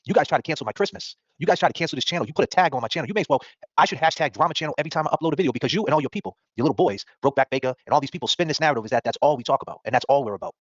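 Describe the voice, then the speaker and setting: A man hosts a podcast and rants at his critics in a fast, combative, profane voice. His pitch swings a lot, and it sits a little higher than most men's. The recording sounds dull, lo-fi and dry. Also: expressive, dry recording. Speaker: podcast host. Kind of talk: ranting talk-show monologue.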